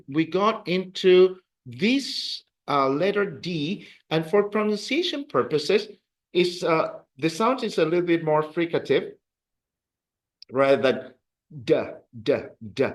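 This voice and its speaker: A man's voice: a little high, expressive, measured pace. A man teaching a beginner Spanish class, patiently repeating words for drills and encouraging his students. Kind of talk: classroom language lesson.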